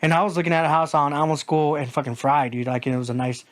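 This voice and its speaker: A man's voice: a little high, steady tone, very fast. A man co-hosting a podcast in casual chat, rambling through a frustrated story. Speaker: podcast co-host.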